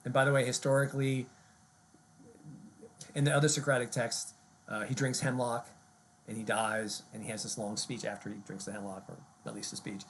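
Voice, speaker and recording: A man's voice: medium pitch, flat delivery, brisk, pauses often. Guy doing an online lecture from his desk, chatty with lots of ums and questions, bit of faint hiss behind. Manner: conversational, many ums and rhetorical questions.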